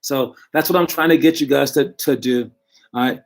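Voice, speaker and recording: A male youth basketball coach gives his young players a relaxed, encouraging motivational talk, often stopping to correct himself mid-sentence. His pitch sits in a plain middle range and his pace is moderate, as he speaks from home into a computer microphone.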